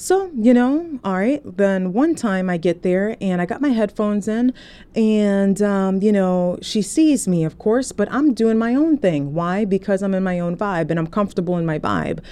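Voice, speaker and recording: Chatty woman telling a story, mellow voice. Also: medium pitch, moderate pace, smooth. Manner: chatty, animated, frequent "okay?" asides. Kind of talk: casual storytelling vlog. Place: indoors, recording on a phone. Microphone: phone.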